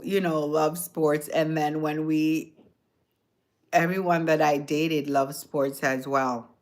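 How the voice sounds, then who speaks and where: Woman, light Jamaican accent, livestream host, rambling casual chat, low voice, slow pace. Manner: rambling, chuckling, asks viewers questions. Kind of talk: casual chat with live viewers.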